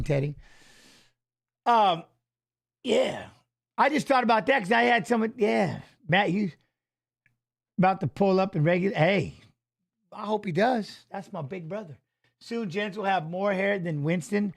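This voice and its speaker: A man co-hosting a fight watch-along stream, chatting loosely and jokingly, reading viewer comments aloud and swearing casually. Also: sits high. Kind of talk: casual live-stream chat.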